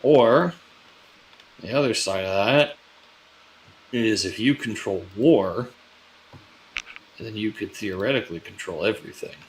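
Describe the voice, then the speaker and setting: Low-voiced man musing in role-play. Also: measured pace, long pauses, slight background noise, rough recording. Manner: casual, swearing, musing out loud. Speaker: crew leader in a sci-fi role-play. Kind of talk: in-character role-play chat.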